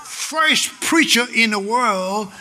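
Shouting older preacher, high voice. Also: male voice, lively intonation, slow, background noise. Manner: shouting, emphatic preaching with sudden soft drops. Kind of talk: sermon.

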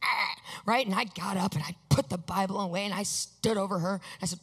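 A preacher delivers a storytelling sermon, animated and expressive, acting out the lines of the people in the story. The tone is bright and forward, and a long hall reverb trails each phrase. Now and then the preacher asks the congregation for an amen. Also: medium pitch, fairly quick, breathy edge. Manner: animated, acts out quotes, asks the congregation for amens.

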